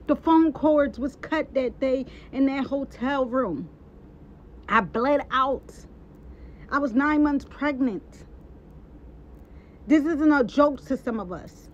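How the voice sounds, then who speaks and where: A woman speaks in a high voice, heated and emphatic, hammering her points home through repetition. The sound is dull and lo-fi, with faint noise behind her. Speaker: social media personality. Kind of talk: impassioned live-stream rant.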